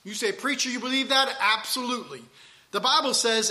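Male preacher with a high, sharp voice, emphatic, swinging loud and quiet while reading scripture. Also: a little fast.

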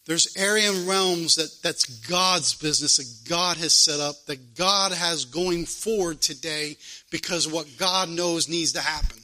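A man preaches a fervent sermon, driving points home by repeating them. His voice sits high for a man. His tone is piercingly bright and sharp. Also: measured pace, low-quality recording. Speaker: pastor.

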